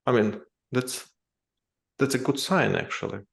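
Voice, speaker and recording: A man co-hosting a podcast, talking politics in a halting way, full of restarts and fillers. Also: medium pitch, gravelly. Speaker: podcast co-host. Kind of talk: casual political chat.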